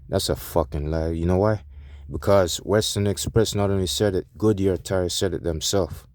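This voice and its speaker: A man with a deep, low voice vents as a truck driver talking straight to his viewers. He is heated, profane and defensive, circling back over his points and restarting sentences. The sound is dry and close, with almost no room echo. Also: fairly even intonation, moderate pace, darkish tone. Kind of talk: ranting vlog to viewers.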